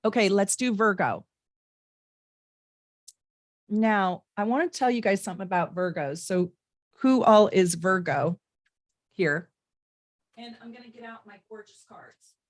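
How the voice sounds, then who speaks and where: A woman's voice: medium pitch, measured pace, long pauses, no room sound, studio quality. A woman hosting a live-stream tarot reading, chatting in a bubbly way with viewers and reading their comments aloud.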